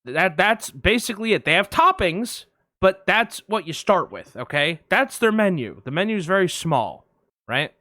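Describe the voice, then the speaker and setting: Casual podcast co-host, man, bright and smooth tone, dry close mic, rambling storyteller. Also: sits high, sing-song, moderate pace, dry recording. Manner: rambling anecdote, many fillers. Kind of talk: casual film podcast chat.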